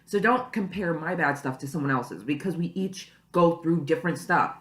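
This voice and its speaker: A young woman with a low voice vlogs at a moderate pace, chatting casually at home in the early morning. She rambles with many "you know"s and "like"s, recorded through a camera mic in an echoey space.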